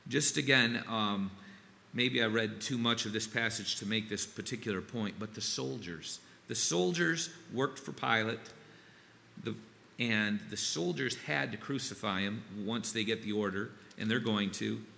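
A middle-aged man preaching a sermon, earnest and halting, with many fillers and restarts. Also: lowish voice, gravelly, pushed and bright. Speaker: pastor. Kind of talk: sermon with scripture reading. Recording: long reverb, faint ambient noise.

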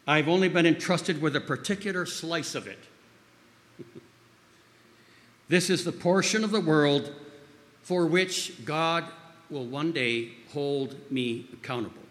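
A man preaches an informal, story-driven sermon to a group in a large hall, his voice a little high and notably bright. He rambles and restarts often and sometimes acts out quoted voices. Long reverb from the hall trails his words. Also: measured pace, pauses often. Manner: rambling with frequent restarts and fillers. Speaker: speaker at a church gathering.

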